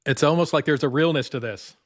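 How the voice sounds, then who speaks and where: A man's voice: on the high side, brisk, no room sound, studio quality. A middle-aged man co-hosting a sports podcast, with jokey, sarcastic banter and mock ad reads. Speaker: podcast co-host.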